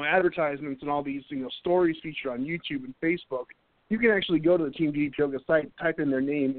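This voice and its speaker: Energetic man hosting live radio, phone-line sound. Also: on the high side, no room sound. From North Carolina. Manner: energetic, rambling with restarts. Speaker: radio show host. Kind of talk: casual live radio talk.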